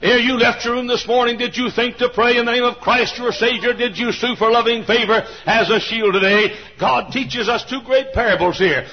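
A man preaching a sermon, repeating his phrases, swinging from shouts down to a low murmur, and often coughing and clearing his throat. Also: steady tone, moderate pace, hardly any pauses. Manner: repetitive, builds to shouting, then drops to a low murmur. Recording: dull lo-fi recording with faint hiss.

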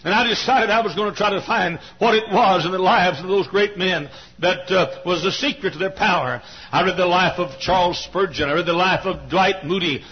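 Fervent high-voiced preacher. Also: male voice, normal speed. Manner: fervent storytelling preacher, rising to cries. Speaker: pastor. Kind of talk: sermon. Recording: dull lo-fi sermon recording.

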